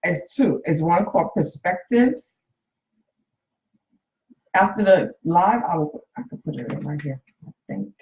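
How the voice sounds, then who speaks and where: Her lowish, darkish voice is animated at a moderate pace as she talks to her audience. She's a coach and nurse in her late fifties hosting a casual phone live stream, candid and emotional and speaking to viewers directly, with roomy, slightly muffled sound.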